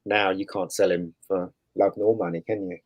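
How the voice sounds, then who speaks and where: A man in casual conversation, relaxed and rambling, laughing often. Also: sits low, moderate pace, dry recording. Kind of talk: casual chat.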